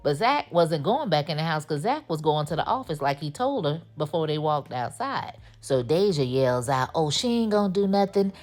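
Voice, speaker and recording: A TV recap host with a deep voice and big pitch swings runs through an episode at a moderate pace with hardly any pauses, chatty and sassy, acting out what the characters say. Faint music sits behind her.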